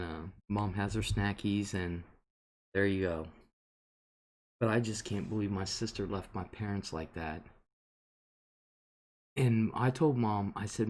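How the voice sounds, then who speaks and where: A man's voice: lowish voice, a little mellow. A man hosting a casual live stream, answering viewer comments and rambling on with indignation. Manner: rambling and indignant, with frequent fillers. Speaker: host reading viewer comments.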